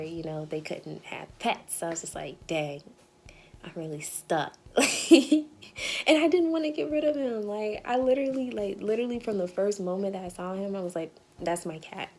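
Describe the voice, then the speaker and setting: A young woman casually telling a story to camera, chatty and quick to laugh, acting out what people said, over faint music. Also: medium pitch, fairly even intonation, a little mellow. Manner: chatty, laughing, acts out quotes. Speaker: vlogger.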